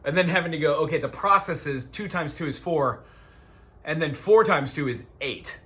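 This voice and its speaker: A man's voice: fairly high pitch, moderate pace, pushed and bright. A man teaching a one-on-one music lesson, explaining patiently and counting beats aloud.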